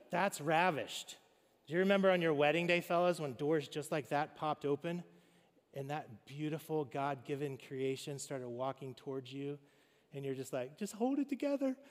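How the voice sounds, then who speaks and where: Animated man preaching in an echoing hall. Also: medium pitch. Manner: conversational, animated, addresses congregation directly. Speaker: pastor. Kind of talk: sermon.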